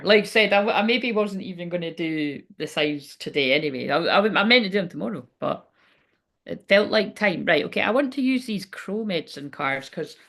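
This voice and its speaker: A woman leads a relaxed live card reading. She sounds cheerful and talkative, and she speaks directly to the people watching. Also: on the low side, creaky. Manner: chipper and chatty, talking straight to viewers. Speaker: spiritual card reader.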